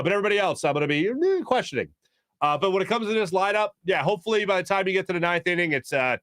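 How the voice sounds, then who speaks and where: Animated sports-talk host with a dry sound. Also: male voice, high-pitched, no room sound. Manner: animated, rambling, quick bursts with fillers. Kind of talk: casual sports talk with live ad reads.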